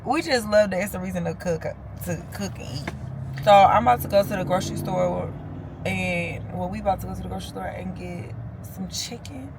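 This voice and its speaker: A woman's voice: mid-range voice, fairly quick, background noise. A young woman vlogging in a loose, chatty and informal way, talking straight to her viewers. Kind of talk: casual vlog chat to camera.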